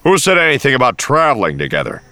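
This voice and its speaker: A man voicing a loud, exasperated, hot-tempered smuggler in an audiobook. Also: medium pitch, sing-song, moderate pace, pitched above the performer's own voice. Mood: incredulous. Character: hot-tempered male space smuggler, adult.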